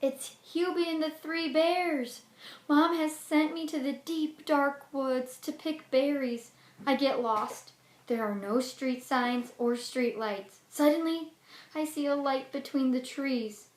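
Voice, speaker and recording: A woman teacher reading a children's book aloud in an expressive way, then explaining class activities. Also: high voice, slow. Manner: expressive storybook reading with lively swings. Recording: roomy echo with faint noise.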